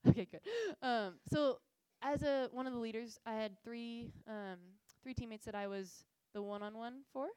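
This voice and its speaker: Speaking at a moderate pace with hardly any pauses, this young missions speaker has a clean, high-leaning voice. Her earnest, casual faith talk to a group is full of animated stories and filler words, captured in a low-quality recording without room sound.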